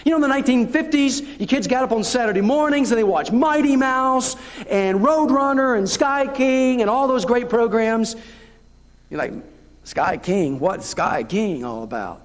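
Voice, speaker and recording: A man's voice: very high voice, moderate pace. A man with a Southern US accent preaching a conversational sermon as pastor, acting out the voices of churchgoers. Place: church sanctuary. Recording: long reverb of a church hall, local TV broadcast.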